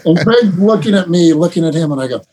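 A middle-aged man, a basketball head coach, telling animated stories with laughter and quick restarts in a casual interview. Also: a little high, a little hiss or hum. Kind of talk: storytelling guest in a casual interview.

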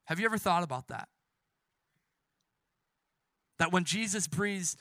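A young male preacher with a high, bright voice, delivering a fervent sermon. He swings between loud, shouted crowd lines and hushed, drawn-out quotes. The sound is dry and close. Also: lively intonation, dry recording.

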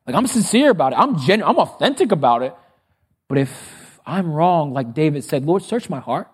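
A male pastor preaching a sermon, emphatic and animated, asking the congregation to fill in the answers to his questions. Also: on the high side, slightly rough. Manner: emphatic, with sudden bursts of speed and drawn-out phrases.

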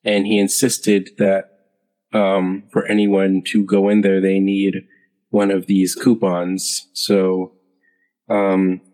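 A man voicing a formal, weary male king, speaking haltingly with many fillers. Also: fairly low pitch, darkish tone. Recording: long hall reverb.

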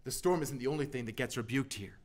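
A man preaching a sermon, earnest, moving from loud emphatic lines to hushed, almost whispered ones. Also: medium pitch, quick pace.

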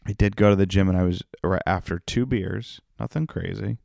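Low gravelly profane comedian. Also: male voice, brisk, a little mellow, no echo, clean studio sound. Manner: profane, rambling, self-mocking. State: tired, yawning. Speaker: comedian podcast host. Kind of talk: casual solo monologue.

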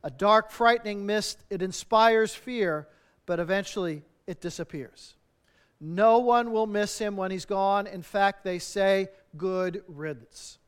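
Guy preaching a sermon, high clear voice, earnest, lots of rhetorical questions. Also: measured pace. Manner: earnest, rhetorical questions, drops soft at phrase ends. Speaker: pastor.

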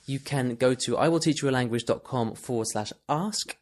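A man's voice: mid-range voice, moderate pace. A man hosting a language-learning podcast, wrapping up with upbeat, friendly chat. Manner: upbeat, friendly wrap-up patter. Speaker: podcast host.

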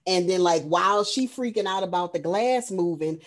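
A woman co-hosting a movie review podcast, casually retelling a film plot in a profane, animated way, full of "um" and "like.". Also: fairly low pitch, normal speed. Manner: frequent fillers like "um" and "like". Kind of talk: casual chat.

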